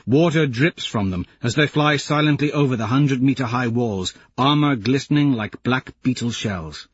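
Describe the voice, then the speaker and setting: A man narrating an audiobook in the first person, in a measured storytelling manner. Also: mid-range voice, husky, no echo, dull audio.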